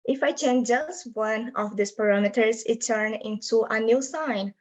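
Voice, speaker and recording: A woman's voice: fairly high pitch, a little slow, rough recording. A young adult woman presenting her linguistics research in an academic talk over a video call, explaining patiently in non-native English phrasing.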